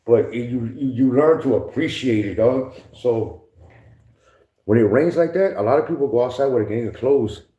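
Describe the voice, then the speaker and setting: A podcast guest with an expressive, warm, mid-range voice recounts prison stories at normal speed. It's casual talk full of slang and profanity, and he laughs often and mimics others. The recording has an echoey room and dull lo-fi sound.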